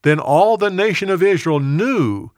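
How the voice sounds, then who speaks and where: A man reading a Bible story aloud in a clear, expressive storybook manner. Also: high voice, a little slow, no room sound, clean studio sound.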